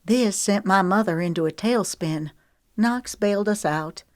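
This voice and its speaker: A woman's voice: mid-range voice, unhurried, no echo, clean studio sound, voice pushed up, close to an everyday voice. A woman narrator voicing a guarded young female reality show contestant with a wry, candid manner.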